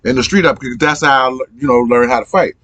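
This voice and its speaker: A middle-aged man telling stories in a casual podcast chat, profane and animated, often repeating his lines. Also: medium pitch, fairly quick, no room sound. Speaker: podcast host. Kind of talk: casual storytelling.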